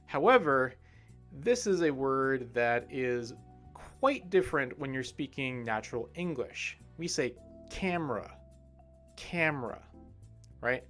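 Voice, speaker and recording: A man teaching English pronunciation in a livestream lesson, modelling words slowly and clearly and checking in with "right?". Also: mid-range voice, expressive, a bit bright, soft background music.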